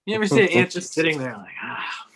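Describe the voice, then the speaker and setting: A man's voice: sits high, expressive, rapid-fire, fairly bright tone. A man doing a stand-up set over a video call, wry and rambling with offhand observational jokes. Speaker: stand-up comedian.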